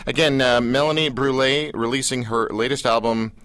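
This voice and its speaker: A man's voice: mid-range voice, fairly even intonation, normal speed, a bit bright, no echo. A man hosting a radio show in a studio, talking in a jokey, rambling, self-mocking way. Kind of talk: casual radio chat.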